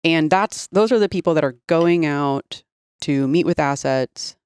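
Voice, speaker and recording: A woman, a former intelligence officer, talking as a guest in a casual podcast conversation with quick laughs. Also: sits low, clean tone, no room sound, studio quality. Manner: animated, laughs easily.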